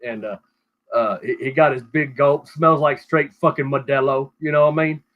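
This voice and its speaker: A man's voice: mid-range voice, steady tone, moderate pace, phone-quality sound. Foul-mouthed man ranting on a call. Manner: crude, rambling, heavy swearing. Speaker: show host. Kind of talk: profane casual rant. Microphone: call audio.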